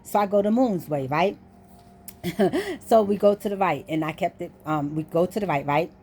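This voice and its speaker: A woman's voice: lowish voice, lively intonation, moderate pace, dark tone, slight background noise. A woman casually telling a story to her viewers, acting out what the people in it said. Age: adult. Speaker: vlogger.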